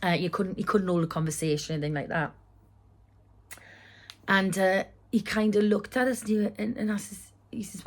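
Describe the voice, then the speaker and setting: A woman tells a personal story in a rambling way. She restarts often and adds many asides, with her voice sitting at a middle pitch. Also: moderate pace, gravelly, pauses often, breathy edge. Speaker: vlogger.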